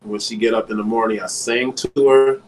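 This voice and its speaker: A man talking casually as a podcast guest, relaxed and slangy. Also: on the low side, a little fast, a little hiss or hum, rough recording. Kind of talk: casual group chat.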